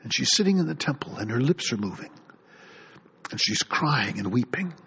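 A man's voice: medium pitch, moderate pace, a little hiss or hum. A middle-aged man preaching a sermon as pastor, reading scripture aloud and acting out the people in it. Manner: animated preaching, reads scripture aloud, acts out voices. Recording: dull lo-fi recording.

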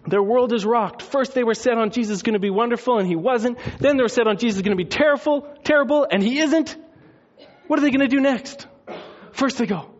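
A man preaching a sermon, telling a story with lively, animated delivery and acted-out voices. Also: very high-pitched, brisk, highs cut off. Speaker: pastor.

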